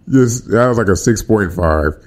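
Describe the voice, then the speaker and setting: On a podcast livestream, a male host with a lowish voice chats casually with his viewers at normal speed. He's animated and slangy, talking straight to the chat.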